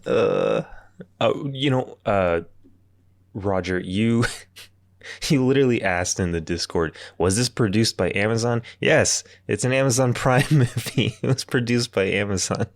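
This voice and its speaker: Laid-back chuckling podcast co-host. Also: male voice, fairly low pitch, big pitch swings, unhurried, gravelly, dry recording, clean studio sound. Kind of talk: casual movie review chat.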